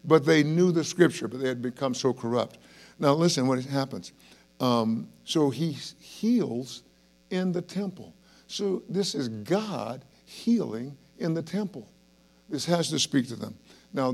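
A man preaching an evening Bible study with a gravelly, creaky voice at an ordinary pitch. He speaks earnestly and emphatically, asks his listeners questions, and often restarts his sentences. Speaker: pastor.

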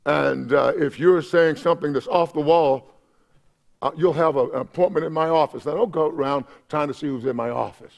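A man preaching a sermon as pastor of a church, impassioned, with shouted peaks and repeated words. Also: fairly high pitch, a little fast, creaky. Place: church sanctuary.

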